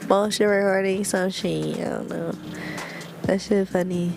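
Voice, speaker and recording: A soft-spoken woman, a guest on a casual podcast, chatting loosely and swearing freely. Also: medium pitch, steady tone, measured pace, vocal fry, faint music behind. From Central Coast California.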